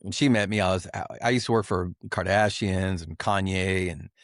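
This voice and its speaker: Earnest middle-aged man, halting. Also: low voice, steady tone, dry recording, clean studio sound. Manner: halting, full of "you know" fillers and restarts; earnest and confessional. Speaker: podcast guest. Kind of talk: candid personal testimony.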